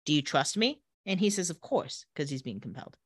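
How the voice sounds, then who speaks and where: A woman's voice: brisk, dry recording, studio quality. A woman co-hosting a podcast, casually recapping a TV episode and acting out the characters' lines. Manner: animated, dips into low voices for characters. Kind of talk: casual chat with acted-out quotes.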